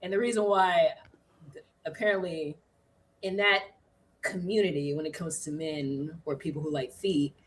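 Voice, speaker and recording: Animated woman telling a story from a distance. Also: low-pitched, normal speed, pauses often, a little hiss or hum. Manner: animated, laughs often, acts out quotes. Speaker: guest. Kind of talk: casual storytelling.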